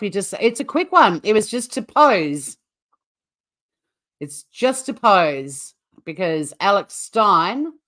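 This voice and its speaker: A woman's voice: fairly low pitch, fairly bright tone. An Australian woman hosting a casual livestream, chatting to viewers in a rambling way with frequent laughs. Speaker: livestream host.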